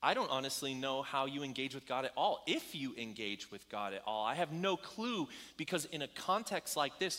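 Bright-voiced pastor in a reverberant hall. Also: male voice, mid-range voice. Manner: conversational storytelling with fillers. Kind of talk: sermon. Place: church hall with about ninety people.

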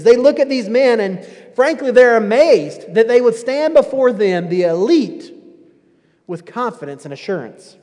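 A man preaching a sermon, emphatic and full of rhetorical questions, often dropping low at the ends of phrases. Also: a little mellow. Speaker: pastor. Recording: long hall reverb.

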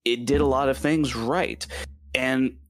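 A man with a Southern US accent talking through a film in a casual review chat, lively and quick to laugh. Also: medium pitch, no room sound. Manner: animated, laughs often, stumbles over names.

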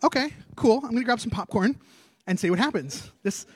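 A male preacher voicing a casual, eager bystander who is excited to watch a contest unfold. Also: extremely high pitch, a little fast, slightly rough, voice pushed up, full character voice. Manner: slangy, excited.

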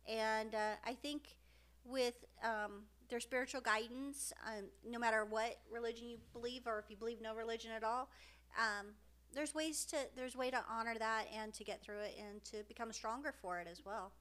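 Brief: middle-aged woman podcast co-host, earnest and emotional, high voice. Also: fairly even intonation, normal speed, a bit bright. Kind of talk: casual heartfelt podcast chat.

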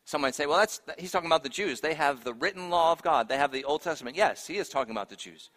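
A man preaching a sermon, swinging from hushed, grave lines to loud, emphatic ones. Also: on the high side, lively intonation, fast, big-room sound. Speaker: pastor.

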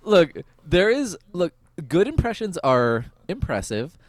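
A young man hosting a podcast, recapping an episode in casual chat, laughing often and filling pauses with "um" and "like". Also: high-pitched, dry recording. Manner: laughs often, goofy and animated, lots of fillers. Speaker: podcast host.

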